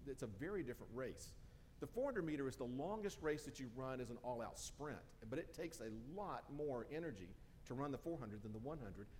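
A man's voice: mid-range voice, a little mellow, big-room sound. A man preaching a casual, joking sermon in a church, with frequent fillers and restarts. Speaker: pastor. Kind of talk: conversational sermon. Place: church sanctuary.

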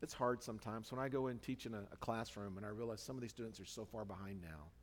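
A man's voice: on the low side, fast. A man delivering a sermon in a conversational, informal way, full of fillers and self-corrections. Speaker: preacher. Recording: reverberant hall.

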